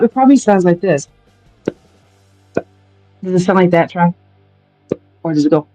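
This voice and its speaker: A woman's voice: on the low side, unhurried, long pauses, warm tone, no echo, dull audio, faint music behind. A woman hosting a casual live stream from outdoors, talking to viewers and often dissolving into helpless, breathless laughter.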